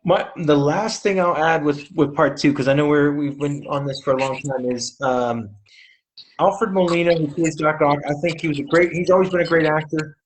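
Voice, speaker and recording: A man co-hosts a casual movie review chat, weighing his words and often starting over. His voice sits a little high. A faint noise hums under the recording. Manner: measured, hesitant, many fillers and restarts. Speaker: podcast co-host, movie reviewer.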